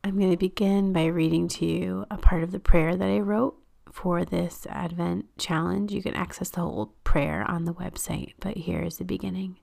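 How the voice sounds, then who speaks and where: A woman hosting a podcast, leading a guided Christian prayer meditation in a gentle, unhurried way that sometimes drops to a breathy whisper. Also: on the low side, steady tone.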